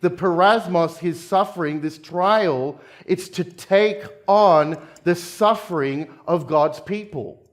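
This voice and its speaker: A man from Australia, a pastor preaching a conversational sermon, asking the congregation questions and dropping jokey asides. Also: high-pitched. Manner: jokey asides with quick laughs.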